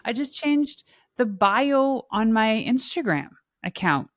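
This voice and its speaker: Animated woman podcast host, dry sound. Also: a little high, slow, no room sound. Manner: animated, laughs easily, many fillers. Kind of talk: casual conversational interview.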